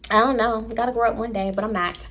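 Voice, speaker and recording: A woman's voice: on the high side, fairly even intonation, quick pace, fairly bright tone, a little hiss or hum. A young woman tells a personal story to her audience. She is blunt, chatty and swears freely, talking straight at the camera like she is catching up with friends. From Houston, Texas. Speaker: storytime vlogger.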